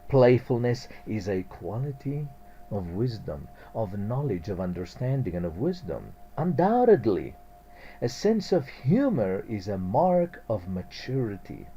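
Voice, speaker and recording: A man's voice: fairly low pitch, very animated, unhurried, mellow, husky, lo-fi sound, soft background music. A man hosting a spiritual radio talk, reflective and chuckling often.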